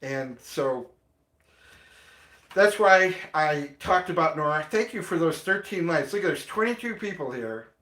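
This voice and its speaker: A man's voice: a little high, animated, measured pace, a bit bright, reverberant. A man hosting a casual morning livestream, chatting in a rambling way and greeting viewers by name. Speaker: livestream host.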